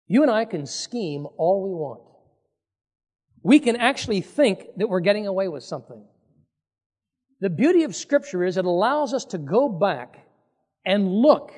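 A man preaching with a high, very lively voice that swoops up and down as he acts out the people in the passage. His words ring out into a long, echoing hall. He talks in the plain way of a pastor to his congregation. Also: breathy edge. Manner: animated, acts out quoted speakers with voice changes. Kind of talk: sermon reading and explaining scripture.

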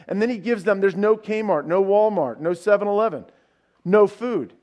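A man with a high voice preaching a sermon. He retells the story like a storyteller, tossing in casual asides and asking his listeners questions as he goes. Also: expressive, moderate pace, a little mellow. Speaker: pastor.

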